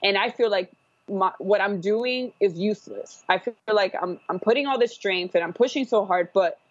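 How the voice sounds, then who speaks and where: A woman's voice: medium pitch, moderate pace, no echo. Woman rambling through a personal story. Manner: rambling, with frequent fillers and restarts. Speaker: guest telling her birth story. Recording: dull, dry podcast audio.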